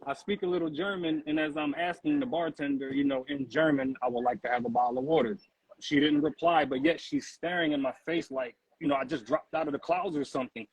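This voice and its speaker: A man's voice: a little high, fairly even intonation, a little fast, few pauses, slightly rough, no room sound, rough recording. A man with an American accent, the host's husband, chatting casually on a live stream in a laid-back way with many fillers. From United States. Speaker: guest, husband of the host.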